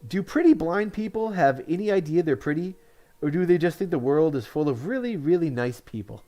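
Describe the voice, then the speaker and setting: A man's voice: fairly high pitch, animated, a little fast, dark tone. A man from Connecticut telling one-liner jokes, chuckling at his own punchlines and commenting offhandedly on them. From Connecticut, USA. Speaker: comedian.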